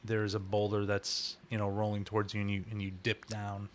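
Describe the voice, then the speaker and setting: A man's voice: fairly low pitch, monotone, fairly quick, a little hiss or hum. A man co-hosting a casual movie commentary, chatty and musing, often trailing off mid-thought. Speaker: podcast co-host.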